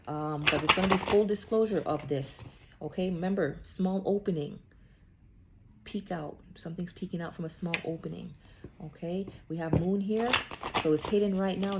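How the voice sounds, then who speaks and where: A woman's voice: on the low side, noisy background. A woman giving a casual spiritual card reading, chatty and checking in with "okay?" after nearly every thought. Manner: chatty, repeats "okay?" often. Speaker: psychic card reader.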